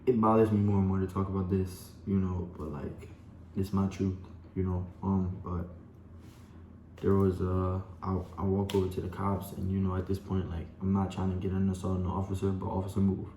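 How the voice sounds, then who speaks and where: A young man speaks in a low, dark voice, rambling through a personal story and talking straight to his viewers. His delivery stays fairly flat, and the room around him is echoey with a faint hum. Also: normal speed. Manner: rambling, full of "like" and "you know", addresses viewers as y'all. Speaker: vlogger.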